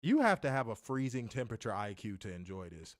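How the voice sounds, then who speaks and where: A man's voice: medium pitch, big pitch swings, fast, dry recording, clean studio sound. A man co-hosting a wrestling review in casual chat, sarcastic and exasperated, often restarting his sentences. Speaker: wrestling show co-host.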